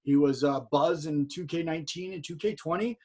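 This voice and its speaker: A man, a podcast guest, telling a long story in a casual, profane, excitable way over a video call. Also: on the high side, brisk, slightly rough.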